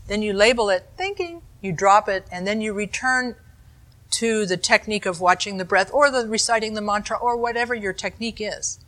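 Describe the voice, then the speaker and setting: A woman teaching meditation in a calm dharma talk, her voice bright and clear. She explains patiently and turns to her listeners with easy asides. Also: medium pitch, brisk.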